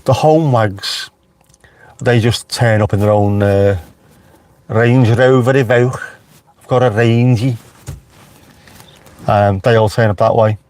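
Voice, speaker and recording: A man's voice: on the low side, fairly even intonation, measured pace, long pauses, darkish tone. A man with a Liverpool accent, chatting casually on a live stream from inside his car with wry asides to viewers. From Merseyside, England. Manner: chatty, wry, talks back to live chat.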